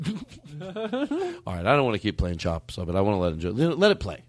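A man's voice: deep voice, very animated, a little fast, no echo. A man hosting a podcast, chatting casually and laughing easily. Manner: laughing, easygoing, gives playful orders. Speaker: podcast host. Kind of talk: casual chat.

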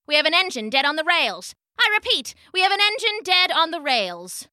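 A woman's voice: very high voice, sing-song, normal speed, sharp tone, dry recording, studio quality, voice pushed up, heavily acted. A woman voicing a polite, formal male train dispatcher speaking matter-of-factly on the phone.

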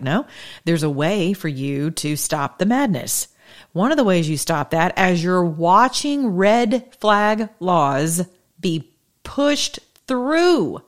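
A middle-aged woman hosting a political talk show, speaking in an animated, sassy monologue full of rhetorical questions. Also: lowish voice. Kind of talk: opinionated monologue to listeners.

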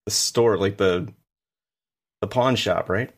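A man's voice: fairly low pitch, slow pace, slightly rough. Wry man teasing on a podcast. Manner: wry, teasing, dry asides. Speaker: podcast co-host. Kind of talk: casual tech podcast chat.

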